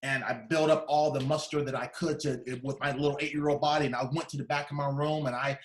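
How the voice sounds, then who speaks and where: A man's voice: medium pitch, little pitch movement, fast talker. A man in his fifties giving a personal storytelling speech as keynote speaker, dramatic and acting out the voices in his story. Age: 50s. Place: large conference hall. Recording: echoey conference hall.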